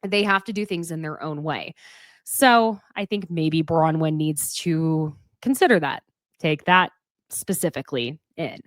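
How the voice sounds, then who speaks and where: A woman's voice: low-pitched, measured pace, no echo. Candid woman recapping reality TV, dry sound. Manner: candid and opinionated, swears casually. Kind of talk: casual recap commentary.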